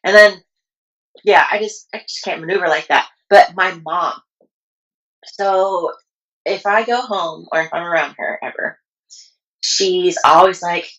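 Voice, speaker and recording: A woman's voice: on the low side, a little slow, long pauses, a bit bright, poor audio. A woman guest on a podcast, talking in a laid-back way, full of likes and ums. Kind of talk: casual interview chat.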